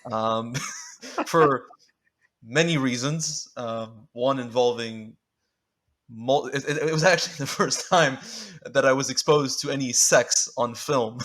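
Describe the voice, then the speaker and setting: A man's voice: mid-range voice, slow, fairly bright tone. A man guest on a podcast, chatting casually, laughing and swearing as he tells stories. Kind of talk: casual chat.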